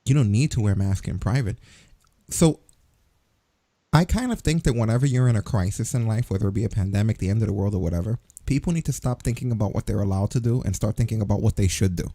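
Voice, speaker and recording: A man's voice: fairly low pitch, fast, dark tone, no room sound. A man co-hosting a wrestling news podcast in casual chat, ranting sarcastically with plenty of swearing. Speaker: podcast co-host.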